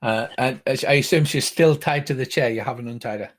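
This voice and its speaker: An older man narrating as game master, explaining rules with halting, rambling speech. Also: mid-range voice.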